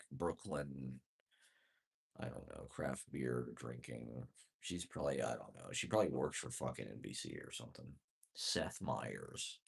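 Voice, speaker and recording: A man's voice: extremely low pitch, creaky, slightly rough. A man rambling through a profane, self-deprecating comedic monologue with sardonic chuckles. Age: adult.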